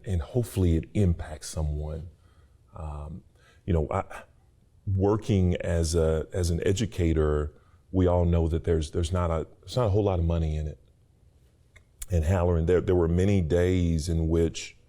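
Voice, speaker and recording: A middle-aged man with a low, dark-toned voice, a university staff member appearing as an interview guest. He gives an earnest, preacherly personal testimony, repeating words as his feeling builds.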